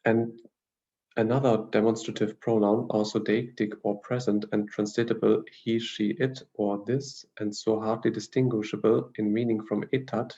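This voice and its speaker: A man teaching a language class, reading through grammar notes in a measured, explanatory way with frequent fillers and restarts. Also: on the low side, level tone, dark tone, muffled recording.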